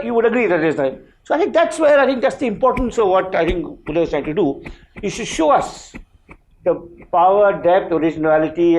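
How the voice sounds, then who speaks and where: A man on a panel, his voice pitched high and swinging widely in tone. He talks haltingly, circling back and restarting his thoughts as he goes. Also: darkish tone, a little hiss or hum. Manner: halting, many restarts and fillers. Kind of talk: panel discussion.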